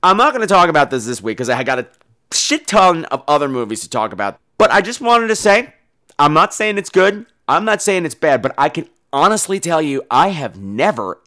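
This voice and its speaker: Male podcast host, campy and animated; bright, fairly high voice. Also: fairly quick. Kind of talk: casual solo podcast chat.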